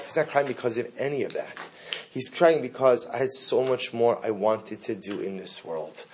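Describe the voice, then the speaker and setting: A middle-aged man teaching a Torah class, leading listeners through a text, asking rhetorical questions and repeating key phrases for emphasis. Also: medium pitch. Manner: emphatic, rises sharply when reading Hebrew and Aramaic aloud.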